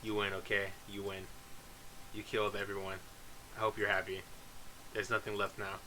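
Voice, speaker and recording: A man's voice: fairly low pitch, completely flat delivery, normal speed, pushed and bright, slight background noise, rough recording. A man reading aloud the lines of an obsessive, clingy young woman game character, with little change of voice. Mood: bitter.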